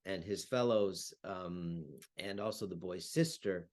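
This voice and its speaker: A historian and translator, a man, giving a talk and reading aloud, measured with some hesitant fillers. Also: deep voice, darkish tone. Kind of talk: talk with a read-aloud excerpt.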